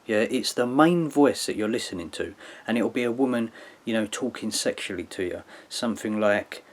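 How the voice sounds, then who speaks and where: A man's voice: lowish voice, animated, normal speed. A man giving a casual, rambling explanatory monologue, tagging his sentences with "yeah" and "like" in an earnest, lecturing way. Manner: rambling, with frequent "yeah" and "like" tags. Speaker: video commentator.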